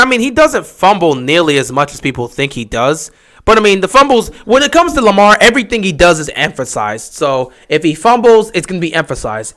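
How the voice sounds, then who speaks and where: Guy with a high voice calling a game live on stream, chats to the players, gets loud on big plays. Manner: excitable, swings from low musing to loud shouting on big plays; chatty, talks straight to players and chat. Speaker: livestream host calling the game. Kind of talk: casual play-by-play watch-along commentary.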